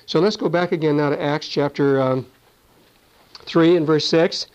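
A man's voice: a little high, steady tone, normal speed, darkish tone, smooth. A man teaching a Bible sermon in a conversational way, often adding "you see" and "you know.". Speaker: preacher. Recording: dull lo-fi recording.

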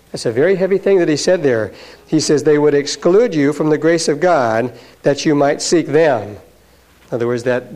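A man's voice: on the high side, a little mellow. Folksy man teaching a Bible class. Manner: explains each verse plainly, paraphrasing in everyday words.

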